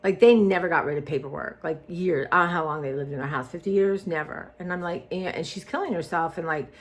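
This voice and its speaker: A woman's voice: lowish voice, fast talker. A woman, vlogging in a rambling casual chat that trails off and restarts often.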